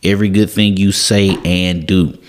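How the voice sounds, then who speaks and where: A man's voice: low voice, fairly even intonation, normal speed, slight background noise. A young man, teaching a Bible passage in an earnest, casual way and often repeating and restarting his words. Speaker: devotional podcast host.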